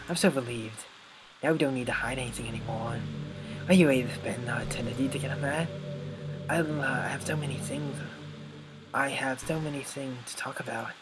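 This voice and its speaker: A man's voice: mid-range voice, close to an everyday voice, low-quality recording. Man voicing a sweetly sinister lovestruck girl. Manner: soft, intimate, slightly menacing. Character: lovestruck young woman, sweetly sinister, obsessive. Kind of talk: reading game dialogue aloud. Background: game music.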